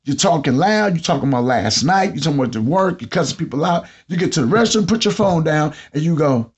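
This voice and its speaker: A man with a Southern US accent hosting a podcast, telling comedic stories about his job and mimicking customers in an animated way. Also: fairly high pitch, quick pace, few pauses, slightly rough. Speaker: podcast host. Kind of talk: comedic monologue. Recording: dull lo-fi sound.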